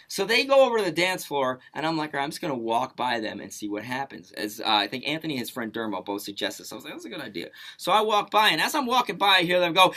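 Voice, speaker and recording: A man's voice: sits high, fast talker, few pauses. A young man co-hosting a radio show, telling a story in casual banter and acting out the quotes. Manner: animated storytelling with acted-out quotes. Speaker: radio co-host.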